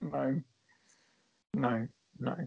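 A man's voice: medium pitch, fairly even intonation, drawn-out words, gravelly, breathy edge, no echo, dull audio. A man co-hosting a casual comedy chat, dry and exasperated. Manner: exasperated, dry, laughs often. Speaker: podcast co-host.

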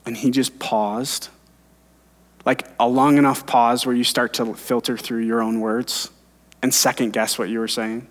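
A man's voice: medium pitch, flat delivery, a little slow. A man in his thirties, a pastor preaching an earnest sermon and telling personal stories. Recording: long hall reverb.

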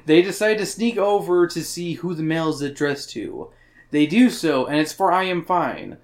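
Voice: medium pitch, animated, normal speed. Joking, crude book club podcast host. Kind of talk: casual book club chat, reading chapter summaries.

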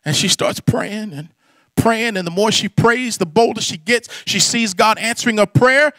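A middle-aged man preaching a sermon, swinging from soaring shouts to hushed prayer. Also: extremely high pitch, unhurried, no echo, studio quality. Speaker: pastor.

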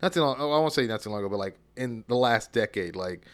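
A man's voice: medium pitch, expressive, quick pace. A man co-hosting a casual wrestling podcast, laid-back, mostly chiming in with short agreements and his own takes. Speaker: podcast co-host.

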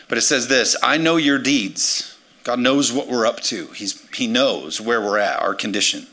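Energetic preacher man in his forties. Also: lowish voice. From United States. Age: 40s. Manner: energetic, swings between loud emphasis and quiet asides. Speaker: pastor. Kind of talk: sermon.

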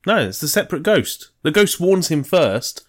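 A man's voice: a little high, very animated, moderate pace. A man co-hosting a podcast in casual banter, blunt and teasing, with plenty of swearing. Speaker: podcast co-host. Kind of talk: casual chat.

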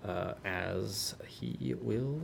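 A man narrating a tabletop game as game master, describing scenes in a halting, rambling way with many fillers. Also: low-pitched, vocal fry, a little hiss or hum.

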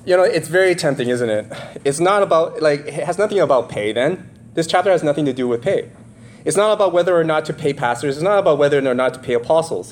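A man's voice: on the high side, a little hiss or hum. A man with nasal congestion preaching a sermon in a conversational way, often checking in with his listeners. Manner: conversational, asks the audience questions. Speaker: pastor.

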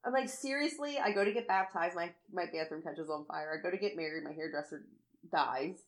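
A woman's voice: sits low, fairly quick. A woman in casual chat, telling a story with lots of feeling, acting out what she said and cursing freely. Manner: animated storytelling, acts out her own quotes, swears freely.

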